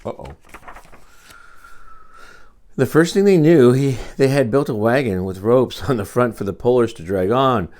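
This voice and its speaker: An older man reading a picture book aloud to his grandchildren, expressive, with quiet asides to the children. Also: mid-range voice, normal speed, pauses often. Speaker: storyteller.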